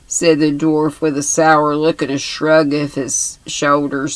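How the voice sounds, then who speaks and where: A woman in her sixties calmly reading a novel aloud. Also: deep voice, no room sound, rough recording. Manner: calm, measured reading. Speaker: reader.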